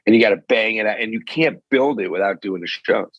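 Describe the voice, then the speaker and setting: A middle-aged man, a concert promoter, chatting casually and rambling in animated bursts. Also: lowish voice, brisk, breathy edge, dry recording, muffled recording. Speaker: venue owner and concert promoter. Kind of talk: casual chat. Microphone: phone call.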